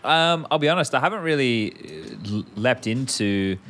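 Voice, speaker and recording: A podcast co-host chats casually and rambles, swearing offhandedly along the way. His mid-range voice is a bit bright and animated, at a normal speed.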